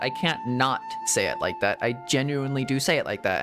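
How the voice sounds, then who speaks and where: This is a streamer's casual, rambling chat over a game, packed with fillers and restarts and breaking into giggles. The voice is animated, rising and falling across a wide range. Quiet game music plays underneath. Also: mid-range voice, fast, hardly any pauses. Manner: rambling, filler-heavy talk with many "like"s and restarts; frequent giggling. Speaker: VTuber streamer.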